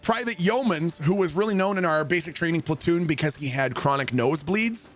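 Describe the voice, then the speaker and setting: Young male streamer, high-pitched and animated, salty storyteller. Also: fairly quick, soft background music. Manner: animated, swears freely, acts out quotes. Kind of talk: casual storytelling while gaming.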